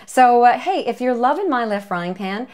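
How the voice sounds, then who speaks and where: A woman's voice: on the high side, animated, normal speed, darkish tone, lo-fi sound. A woman hosting a comic cooking demonstration, talking to camera in a playful, chatty way with jokey asides and little cheers. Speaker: cooking show host, home economist.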